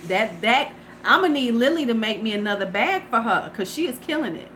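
A middle-aged woman livestreaming from her porch, chatting with viewers in a loose, salty way. Her voice sits a little high. A faint hiss of ambient noise runs under the recording. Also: animated, fairly quick, fairly bright tone, low-quality recording. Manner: chatty, profane, talks straight to viewers. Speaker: beauty vlogger. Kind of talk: casual livestream chat. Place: home porch.

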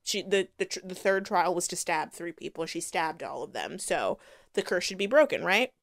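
A woman's voice: fairly low pitch, expressive, normal speed, no room sound, clean studio sound. A woman giving a casual, sarcastic and exasperated rant review of a book on her channel.

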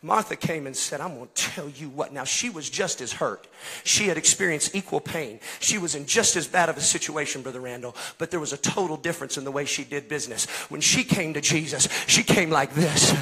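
A man's voice: fairly high pitch, brisk, bright, forceful tone, breathy edge. A male pastor, preaching in a church in a folksy way and calling out to his congregation. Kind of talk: Pentecostal-style preaching to a congregation. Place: church sanctuary.

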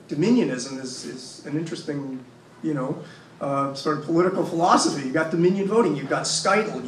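A man's voice: high-pitched, slight background noise. A man from Massachusetts speaking as a panelist, making his case with rhetorical questions and repeated phrases. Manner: emphatic, rhetorical questions and repetition. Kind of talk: impassioned panel talk. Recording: echoey room, mic from far off.

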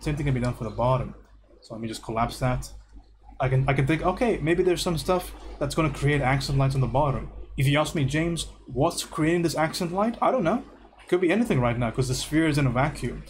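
A man's voice: medium pitch, slight background noise. A man giving a casual, joking live painting lesson, often checking in with "right?". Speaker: art instructor.

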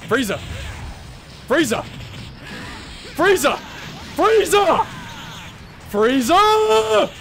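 A young man commentating his gameplay live with a high, wildly swinging voice. He is excitable and trash-talks with plenty of swearing. Clear game music plays under him. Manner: excitable, profane trash talk. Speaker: gaming streamer.

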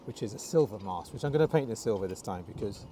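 A man casually talking through his painting outdoors by a harbour, halting and repeating himself as he works, with a clip-on mic. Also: lowish voice, lively intonation, poor audio. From Scotland. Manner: talks to himself while painting, halting and repetitive. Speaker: plein air painter. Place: outdoors by a harbour on a windy day. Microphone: wireless clip-on mic. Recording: loud wind noise outdoors.

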